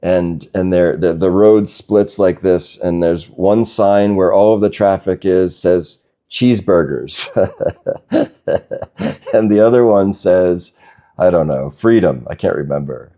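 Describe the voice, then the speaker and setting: A man giving a slow, gentle spiritual talk as a teacher, reflective and unhurried, now and then laughing softly. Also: deep voice. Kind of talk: satsang talk.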